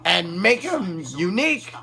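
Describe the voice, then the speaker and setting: A man's voice: high-pitched, big pitch swings, measured pace, creaky, pushed and bright. A man giving casual, enthusiastic commentary over video clips, explaining as he goes. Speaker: video reviewer.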